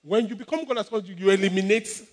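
A man with a high voice preaches to his congregation. He leans hard into repetition and calls out for the listeners to respond. His delivery is emphatic throughout. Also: very fast, in a large hall. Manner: emphatic preaching, with repeated exhortations and call-and-response. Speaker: pastor. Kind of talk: sermon.

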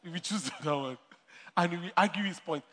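Talking fast in a high-sitting, slightly bright voice, a man preaches a sermon built on stories and frequent laughter. He repeats his key lines, and the recording has a long hall reverb.

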